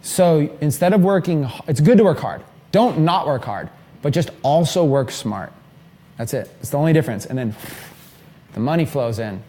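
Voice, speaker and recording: A man in his thirties giving an energetic, rambling live seminar talk to a small group in an event room. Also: a little high, moderate pace, slight background noise. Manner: energetic, rambling, filler-heavy. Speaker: mastermind trainer.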